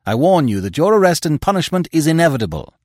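A man voicing an indignant male newspaper editor with loud, high, agitated outbursts. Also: very animated, quick pace, no echo, clean studio sound.

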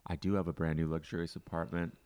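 A man's voice: low voice, level tone, fast, a little mellow, clear, resonant tone. A man from Canada, co-hosting a podcast in casual comedic banter, teasing his partner. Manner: teasing, breaks into goofy put-on voices. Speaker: podcast co-host.

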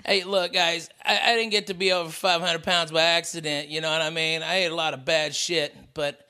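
Bright, high-voiced Southern man ranting. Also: level tone, brisk, clear, resonant tone. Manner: profane, ranting, jokey. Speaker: podcast co-host. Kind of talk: casual comedic chat.

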